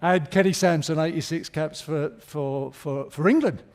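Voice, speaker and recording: This middle-aged guest at a live theatre-stage interview is a chatty storyteller, cracking jokes and chuckling through his anecdotes. His pitch is fairly high and his pace moderate.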